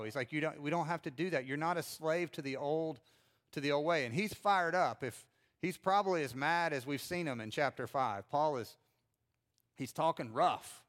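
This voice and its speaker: A middle-aged pastor preaching a sermon in a conversational way, with frequent fillers and restarts. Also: male voice, on the high side, a bit bright.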